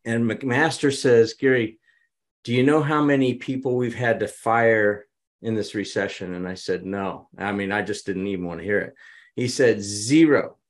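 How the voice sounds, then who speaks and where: Animated man telling business stories. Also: on the low side, normal speed. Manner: animated, dramatizes quotes. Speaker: business consultant guest. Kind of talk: conversational storytelling.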